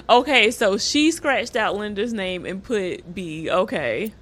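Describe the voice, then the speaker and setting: A woman's voice: mid-range voice, lively intonation, slow, hardly any pauses. A woman streaming a game, reading in-game letters aloud with gasping reactions. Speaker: gaming streamer. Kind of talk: casual gameplay commentary.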